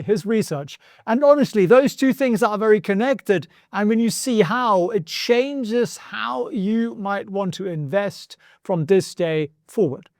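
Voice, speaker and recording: Brisk, persuasive high-voiced man. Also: a little mellow, dry recording, clean studio sound. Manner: brisk, persuasive, talks straight to the viewer with asides. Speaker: finance educator and channel host. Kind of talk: direct-to-camera financial explainer.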